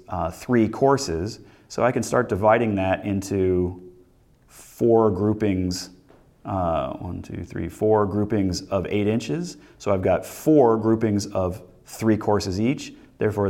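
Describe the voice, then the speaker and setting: A man teaching a recorded lesson, explaining step by step in a relaxed way and thinking aloud with many fillers and restarts. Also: fairly low pitch. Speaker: instructor. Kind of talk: recorded lecture walkthrough.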